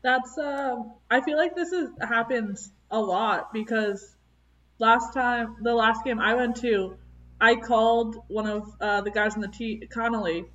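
A woman's voice: on the high side, a little slow, a bit bright. A woman co-hosting a casual podcast chat, blunt and sarcastic. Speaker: podcast co-host. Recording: distant, dull-sounding mic.

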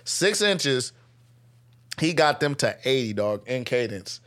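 Animated slangy guy telling a story. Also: mid-range voice, takes it slowly. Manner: animated, slangy, laughs often. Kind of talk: casual storytelling chat. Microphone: close studio mic.

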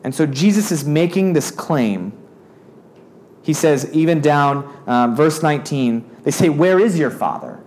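This man's voice sits a little high with a darkish tone, moving a bit slowly but with lively intonation. Like a youth pastor, he reads a Bible passage aloud and then explains it in a loose, conversational way as casual Bible teaching.

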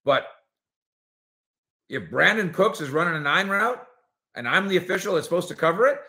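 A man hosting a sports opinion show, talking in an animated, sarcastic way and acting out quotes from players and coaches. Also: high voice, normal speed, pauses often.

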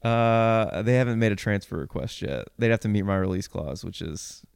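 A young man with a lowish, smooth, clear voice, chatting loosely on a sports podcast. He rambles through stories with plenty of "like"s. The sound is dry and close. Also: moderate pace, dry recording. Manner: relaxed, rambling storytelling with many fillers. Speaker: podcast co-host. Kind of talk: casual sports podcast chat.

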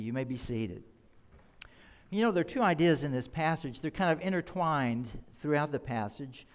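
A man preaching a sermon as pastor, explaining scripture earnestly and leaning hard on key words. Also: medium pitch. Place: church sanctuary. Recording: reverberant church hall.

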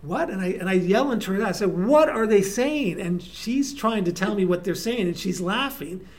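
A man, a guest performer, telling casual anecdotes in an animated way with frequent restarts. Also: high-pitched, brisk. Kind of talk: casual storytelling.

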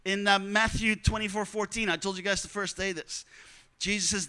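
A man's voice: sits high, flat delivery, normal speed, bright, forceful tone, clean tone. A man preaching a sermon to students, telling stories earnestly and repeating key lines for emphasis. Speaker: missionary preacher.

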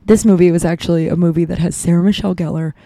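A woman's voice: fairly low pitch, fairly even intonation, very fast, dark tone, no echo. A woman in her thirties hosting a podcast, telling a rambling story in casual chat with many asides. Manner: chatty, rambling, lots of "like" and asides. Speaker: podcast host.

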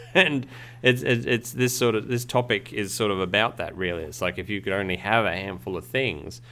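A man co-hosting a craft podcast in relaxed, casual chat, joking dryly and laughing often. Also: lowish voice, normal speed. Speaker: podcast co-host.

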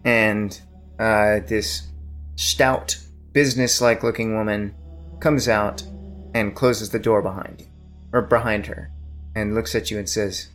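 A man's voice: on the low side, steady tone, unhurried, a bit bright, soft background music. A man narrating a tabletop game as game master, describing scenes at length with many fillers.

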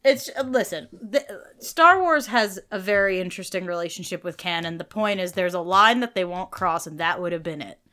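A woman chatting casually on a podcast about a TV show. She talks in an animated, opinionated way and leans on fillers like "like" and "you know". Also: fairly low pitch. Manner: animated, fillers, quick opinions, laughs often. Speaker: podcast co-host.

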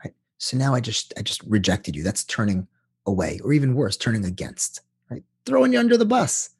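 A man who works as a couples therapist, explaining in an animated way during an interview. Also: medium pitch, a little fast, creaky, breathy edge.

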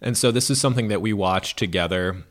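A man's voice: on the low side, fast talker. A man with an American Midwestern accent co-hosting a podcast, chatting casually and rambling with plenty of hedges and fillers. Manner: rambling, hedging, with many fillers. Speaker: podcast co-host.

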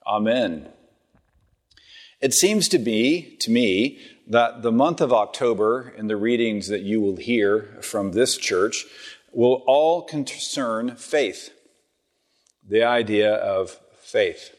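Rector preaching in a reverberant church. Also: male voice, takes it slowly. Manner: storytelling, voices quotes in a higher pitch. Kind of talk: sermon. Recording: church hall with long reverb.

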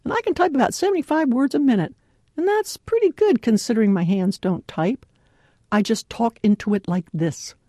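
A woman giving a devotional talk in an earnest, clearly enunciated way, laughing often. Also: fairly high pitch, animated, moderate pace, dark tone, no room sound, clean studio sound. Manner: clear, carefully enunciated delivery. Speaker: devotional speaker.

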